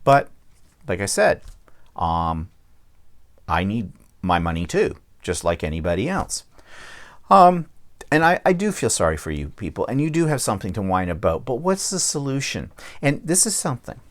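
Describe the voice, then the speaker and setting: A man's voice: fairly low pitch, sing-song, moderate pace. A man hosting his own vlog, ranting bluntly and checking in with the viewer as he goes. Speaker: vlog host. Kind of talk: casual vlog rant.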